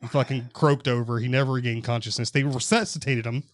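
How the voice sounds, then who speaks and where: A man's voice: medium pitch, steady tone, fast talker, no room sound, clean studio sound. A young man co-hosting a casual podcast, joking and swearing freely while walking through a news story. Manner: loose, joking, swears freely, explains medical detail. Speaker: podcast co-host. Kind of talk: casual profane chat.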